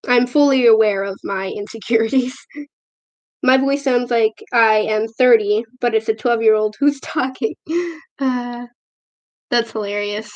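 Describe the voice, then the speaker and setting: A woman's voice: a little high, fairly even intonation, unhurried, long pauses, highs cut off. Chatty girl talking over a tablet mic. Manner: chatty and self-deprecating, with frequent fillers. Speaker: livestream host. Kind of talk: casual live chat, reading comments. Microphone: tablet camera microphone.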